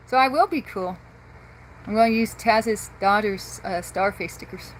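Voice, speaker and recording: A woman chats loosely with her livestream viewers, drifting from one topic to the next and breaking into laughter. Her voice sits at a middle pitch for a woman. It comes through a handheld phone with a faint hiss underneath. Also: a little slow. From rural area near Boise, Idaho. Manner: chatty and rambling, laughs often. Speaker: livestream host. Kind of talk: casual livestream chat with viewers.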